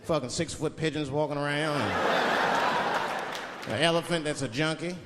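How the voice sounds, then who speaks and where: A man's voice: fairly high pitch, a little slow, long pauses, very noisy. A man doing a stand-up comedy set with loose, profane storytelling and act-outs. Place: stage before a live audience. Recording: live club hall with laughing crowd.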